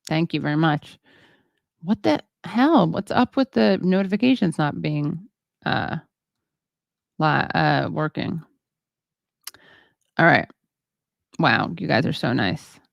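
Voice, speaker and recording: A woman hosts a livestream and chats through viewer comments, halting and full of fillers, joking at her own expense. Her voice is low and gravelly. The sound is dry and a little dull. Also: animated, no room sound. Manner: rambling, halting, many fillers; self-deprecating, chatty. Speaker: show host. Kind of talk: casual livestream chat reading viewer comments.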